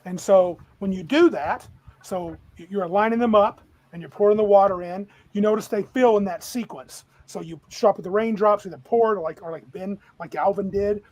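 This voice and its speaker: Man, game master, narrating tabletop game, lively, rambling, husky, higher voice. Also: moderate pace, rough recording.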